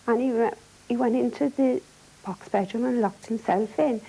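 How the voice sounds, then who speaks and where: A middle-aged Welsh woman tells her story in a halting, subdued voice that keeps restarting. Her tone is gravelly and husky, with a dark, mellow color. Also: rough recording. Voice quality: low-key, halting, with many restarts. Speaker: domestic abuse survivor. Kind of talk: personal testimony.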